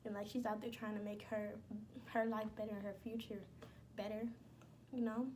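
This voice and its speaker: A woman's voice: medium pitch, flat delivery, moderate pace, a little mellow, a little hiss or hum. A young woman talking casually and bluntly to her viewers, slangy and emphatic. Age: young adult. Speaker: vlogger. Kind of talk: casual chat.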